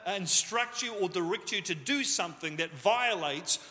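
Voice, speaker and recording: Male pastor, casual jokey sermon delivery, high and bright, echoing church hall. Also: expressive, moderate pace. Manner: jokey, self-deprecating, conversational. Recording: echoey hall reverb.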